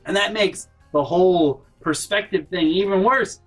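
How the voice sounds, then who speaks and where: A man hosting a gaming channel, telling a rambling, exasperated story and swearing freely, jumping into loud mock yells. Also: high voice, a little slow, soft background music. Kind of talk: storytime over gameplay.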